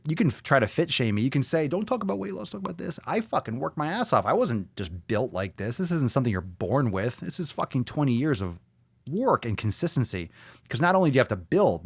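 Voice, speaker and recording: A man's voice: medium pitch, slightly rough, no echo. A man hosting a podcast in a brash, profane, mocking rant. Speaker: podcast host. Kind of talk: casual ranting podcast talk.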